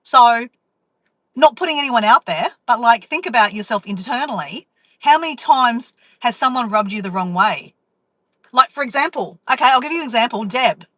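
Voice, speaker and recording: A woman vlogger, telling a story to her live chat in a chatty, animated way and acting out inner voices. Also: a little high, moderate pace, dry recording, low-quality recording.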